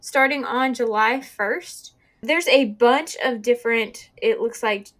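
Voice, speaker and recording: A woman's voice: fairly high pitch, takes it slowly, a bit bright. A young woman hosting a casual podcast, chatty with lots of fillers, running through a list of upcoming releases. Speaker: podcast host.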